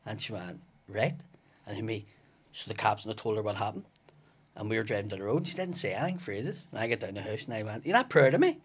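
A man's voice: on the low side, fast talker, a little hiss or hum. A man telling a long story on a podcast, swearing freely and acting out the other people's lines. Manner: profane, acts out the voices in his stories. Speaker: comedian guest. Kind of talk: casual storytelling. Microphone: studio podcast mic.

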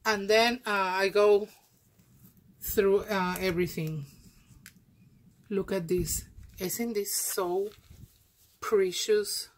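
A woman vlogger unboxing craft mail, gushing and effusive, with halting speech and many restarts. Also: mid-range voice, fairly even intonation, rough recording. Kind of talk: casual happy-mail unboxing.

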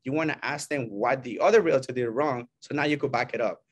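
A man's voice: medium pitch, racing. A man, a working realtor, coaching other agents in a loose, chatty way, acting out what clients and agents say and often checking in with "right?" and "you know?". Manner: animated, acts out client and agent quotes. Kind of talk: casual coaching talk to a small group.

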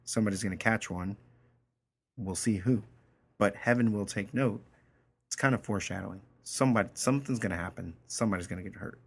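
A man's voice: lowish voice, fairly quick, vocal fry, slightly rough. A man teaching a story, reading it aloud line by line and then explaining it in a casual way, often checking in with his listeners.

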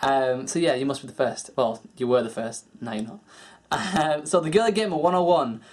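A man's voice: medium pitch, normal speed. A young man vlogging in a rambling, chatty way, answering viewer questions and swearing casually.

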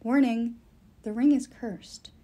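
A woman voicing a quiet, gentle young male elf who speaks in a soft, calm, plain way. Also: on the high side, takes it slowly, slightly rough. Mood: calm, urgent.

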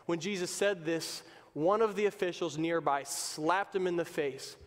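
A man's voice: fairly high pitch, steady tone, normal speed. A male pastor preaching a sermon in an emphatic, conversational way, in a church sanctuary. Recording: long reverb of a church hall.

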